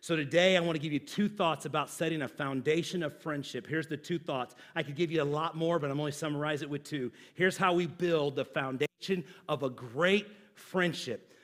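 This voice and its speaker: A man's voice: on the high side, a little fast, hardly any pauses, a bit bright. A middle-aged man, a pastor, preaching a sermon in a church with a humorous, conversational storytelling manner.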